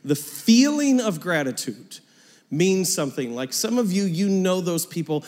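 A man in his thirties preaching a sermon as pastor, conversational and joking, dropping into quiet asides between louder points. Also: sits high, sing-song, measured pace. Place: church auditorium. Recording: long hall reverb.

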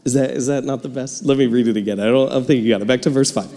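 A man's voice: mid-range voice, rapid-fire, few pauses, in a large hall. A man preaching a sermon as pastor in a church, cheerful and storytelling. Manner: cheerful, animated storytelling with laughs. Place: church sanctuary.

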